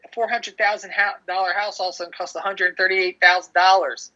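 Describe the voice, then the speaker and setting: A man's voice: high voice, level tone, a little fast, sharp tone. A middle-aged man chatting casually on a podcast, telling rambling stories full of restarts and "dude". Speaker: podcast co-host. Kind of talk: casual chat. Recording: dull lo-fi audio.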